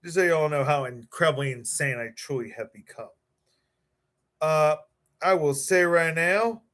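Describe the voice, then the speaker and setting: A man hosting his live stream, hyped up and emotional, stammering and repeating words as he warms up the show. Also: fairly high pitch. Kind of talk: excited live-stream chat.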